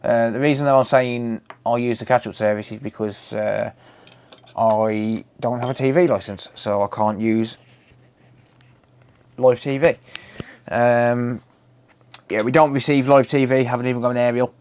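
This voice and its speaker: A British man, mid-pitched and ordinary in tone, talking loosely to his viewers during a live stream. He reads out their comments and answers them in a relaxed, chatty way, with the odd swear word thrown in. It sounds like he is at home. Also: moderate pace, clear, resonant tone. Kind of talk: casual live-stream chat.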